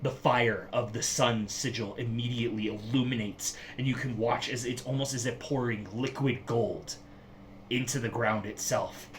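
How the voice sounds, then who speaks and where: A man running a tabletop game as game master. He narrates scenes slowly and vividly, with a middle pitch. A faint noise sits behind his voice. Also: steady tone. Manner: slow, vivid descriptive narration.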